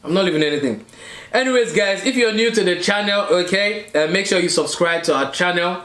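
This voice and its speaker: Speaking a little fast in a high, pushed, bright voice, a thirtysomething relationship coach co-hosts a casual mukbang chat. He comes across earnest and preachy while checking in with the audience, and the room sound is noticeable.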